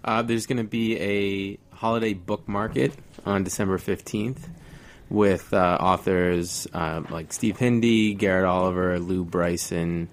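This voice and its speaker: Deep, slow, flat-voiced man. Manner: slow, hesitant listing. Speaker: brewery guest. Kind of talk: casual radio chat.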